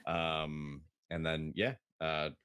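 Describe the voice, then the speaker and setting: A man's voice: a bass voice, little pitch movement, slow, a bit bright, clear, resonant tone. A man co-hosting a gaming podcast, talking in a laid-back way with many ums. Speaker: streamer and podcast co-host. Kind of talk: casual gaming podcast chat.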